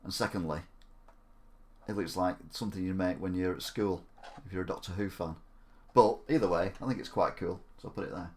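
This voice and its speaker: A man's voice: low voice, fairly quick, darkish tone, a little hiss or hum. A man chatting casually on a gaming live stream. He jokes around, mocks himself and rambles. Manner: jokey, self-mocking, rambling.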